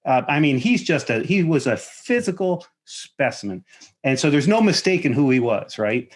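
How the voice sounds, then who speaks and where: A man hosting a podcast interview. He speaks haltingly, with frequent restarts. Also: a little high, very animated. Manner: halting, many restarts and fillers. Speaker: podcast host. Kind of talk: conversational interview.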